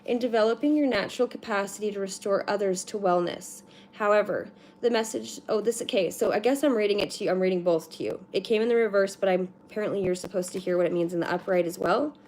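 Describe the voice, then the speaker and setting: A woman at home gives a loose, chatty card reading, drifting between tangents and dropping casual swears and filler words. Her voice sits at an ordinary middle pitch, and shuffling cards and clicks come through noisily behind her. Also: fast talker, few pauses, darkish tone, slight background noise. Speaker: card reader.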